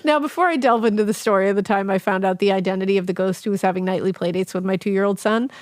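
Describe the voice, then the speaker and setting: A woman reads a listener's ghost letter aloud on a podcast, breaking off for laughing, cheeky asides and the odd swear. Her voice sits at a middle pitch. The sound is close and dry, with no room around it. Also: quick pace, no echo. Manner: animated, laughing, swearing casually.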